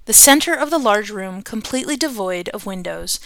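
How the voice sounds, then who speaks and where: A woman's voice: mid-range voice, lively intonation, a little fast, creaky, a bit bright, dry recording. A woman host reading a book aloud on her podcast, chatty and self-correcting, laughing at her own slips.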